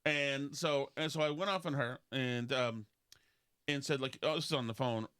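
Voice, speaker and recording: A man, hosting a casual podcast and telling rambling stories in which he mimics other people in high voices. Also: moderate pace, a bit bright, smooth. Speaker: podcast host. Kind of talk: casual talk show banter.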